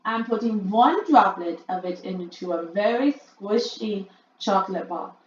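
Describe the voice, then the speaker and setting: A woman's voice: a little slow, natural voice. A woman voicing the imperious female witch leader from a storybook in an emphatic, commanding way. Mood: gloating. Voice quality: shrill, loud and emphatic. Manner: read-aloud storybook acting. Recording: muffled, echoey room.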